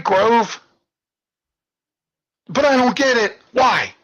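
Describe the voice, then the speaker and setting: A talk show host from the Pittsburgh area rants through an indignant political monologue, closing phrases with "okay?" and "all right?" His fairly high voice is animated, unhurried, and sharp, on a lo-fi recording.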